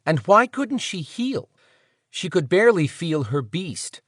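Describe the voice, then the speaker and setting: A man narrating an audiobook in an expressive, dramatic reading style. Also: high voice, a little slow, slightly rough, no room sound, studio quality. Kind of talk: scripted narration.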